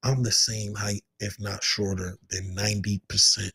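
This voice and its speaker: A man hosting a casual chat show, telling animated stories and mimicking others in high shouted voices. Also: moderate pace, vocal fry, slightly rough. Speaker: podcast host.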